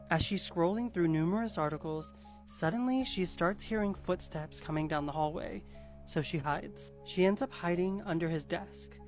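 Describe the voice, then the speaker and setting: A storyteller casually retelling a scary story in a chatty way, with many filler words. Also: medium pitch.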